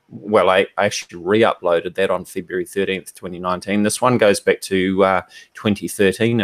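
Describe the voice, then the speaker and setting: Male presenter, gravelly and low, measured and hesitant, dry close mic. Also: dry recording. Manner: measured, hesitant with many ums. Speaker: guest presenter. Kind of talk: walking through videos on a shared screen.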